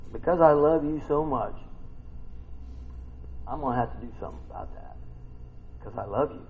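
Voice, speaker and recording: A man preaching a sermon who swings from hushed, intimate lines to sudden excited outbursts. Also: mid-range voice, normal speed, vocal fry, pauses often, narrow, tinny audio, a little hiss or hum. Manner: swings from hushed to shouting bursts.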